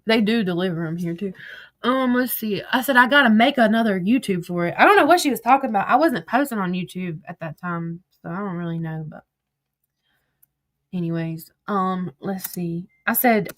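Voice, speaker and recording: Chatty woman reading her messages aloud. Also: medium pitch. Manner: chatty and profane, laughs often, digresses. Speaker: commentator. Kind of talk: casual commentary reading text messages aloud.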